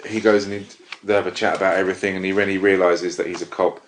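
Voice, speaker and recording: A man's voice: sits low, little pitch movement, fast, slight background noise. A man hosting a casual film review podcast, rambling and enthusiastic. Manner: rambling, self-interrupting, enthusiastic. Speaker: podcast host. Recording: roomy echo.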